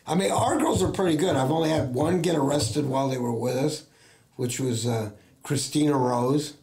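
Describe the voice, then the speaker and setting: A man's voice: a little high, moderate pace, darkish tone. A middle-aged man from the United States, a talent agent, telling rambling anecdotes in casual chat and acting out what others said. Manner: rambling, acts out quoted voices, many fillers. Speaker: talent agent, interview guest.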